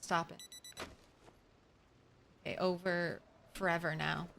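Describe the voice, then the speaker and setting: Young adult woman, game streamer, casual chatty commentary, bright tone, slow pace. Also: fairly low pitch, little pitch movement, gravelly, slight background noise. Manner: chatty, swears casually, talks to the game animals.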